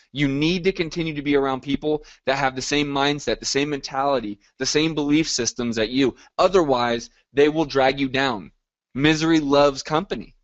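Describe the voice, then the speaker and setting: A man's voice: on the high side, highs cut off. A man hosting a live group coaching call, talking in an upbeat, motivational way and reacting to listeners by name.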